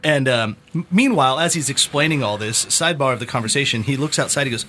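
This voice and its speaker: Bright-voiced man telling stories. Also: medium pitch, animated, quick pace. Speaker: podcast host. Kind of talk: casual chat, storytelling.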